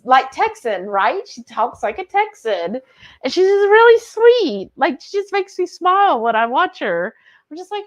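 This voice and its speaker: A woman's voice: sits high, sing-song, moderate pace. A woman hosting a cooking livestream, chatting casually and animatedly, reading out viewer comments and laughing often. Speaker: livestream cooking show host.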